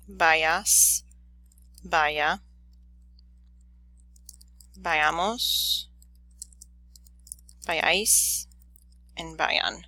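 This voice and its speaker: Slow, bright-voiced woman teacher. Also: on the low side, dry recording. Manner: methodical, steady step-by-step explaining; corrects own slips quickly. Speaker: Spanish teacher. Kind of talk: recorded grammar lesson.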